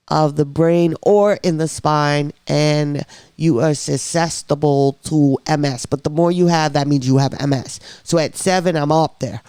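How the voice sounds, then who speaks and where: A middle-aged woman telling her own story in a casual interview, animated, blunt and candid. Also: sits low, clean tone, no echo. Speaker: podcast guest sharing her diagnosis story.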